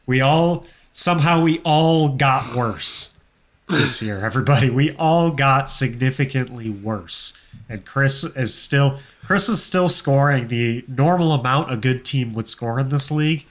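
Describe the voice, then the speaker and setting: A man with a mid-pitched, ordinary voice chats casually as a podcast co-host. He is easygoing and likes to brag a little in good humour. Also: measured pace, fairly bright tone. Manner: playfully boastful, easygoing. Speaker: podcast co-host and league commissioner. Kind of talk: casual chat.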